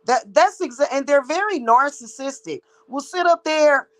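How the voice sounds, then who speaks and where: A woman with a high, animated voice speaks at a moderate pace on a low-quality recording. A psychic reader and spiritual practitioner, she rants to her viewers in a blunt, heated, profane monologue.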